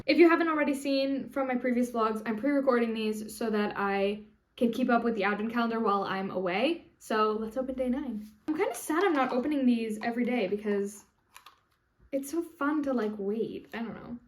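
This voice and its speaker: A woman's voice: a little high, brisk. A young woman in her twenties chatting casually to the camera in a vlog, swearing now and then. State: out of breath. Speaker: vlogger. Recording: noisy background.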